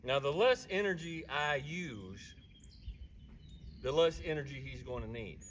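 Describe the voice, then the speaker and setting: Calm man training a horse outdoors. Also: mid-range voice, unhurried. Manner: calm, patient explaining while working a horse. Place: outdoor round pen with horses. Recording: distant voice with outdoor noise.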